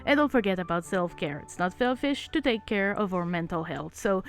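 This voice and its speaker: A woman's voice: mid-range voice, expressive, normal speed, clear, resonant tone. Woman, French Canadian accent, friendly craft vlogger, mid-range voice, faint music under the voice-over. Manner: chatty, self-deprecating, sincere. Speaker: doll artist narrating her build. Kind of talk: voice-over narration of a craft video.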